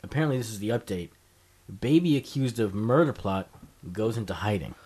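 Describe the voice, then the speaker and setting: A man with a lowish, slightly mellow voice talks animatedly and fairly quickly. He hosts a casual comedy podcast, reading strange news headlines aloud while laughing and swearing freely.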